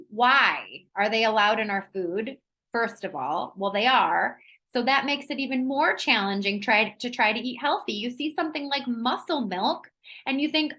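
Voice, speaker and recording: Woman wellness presenter on a video call, chatty, energetic, bright forceful tone. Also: on the high side, a little slow, poor audio. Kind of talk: live online workshop talk.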